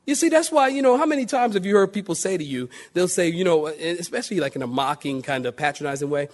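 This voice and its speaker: A middle-aged man, a pastor preaching a sermon, addressing the congregation with questions and calls for amen, swinging from loud emphasis to quiet intimacy. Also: high-pitched, animated, fast.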